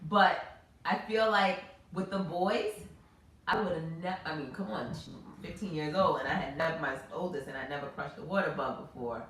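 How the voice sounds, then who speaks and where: A woman in her thirties, hosting a casual chat and telling stories in an animated, expressive way. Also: low voice, normal speed, a little hiss or hum. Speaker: host. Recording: echoey room, mic far off.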